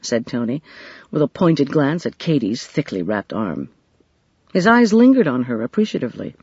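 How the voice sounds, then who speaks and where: An audiobook narrator reading a mystery in scripted narration with expressive, varied delivery. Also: mid-range voice, normal speed, slightly rough, no room sound, dull audio.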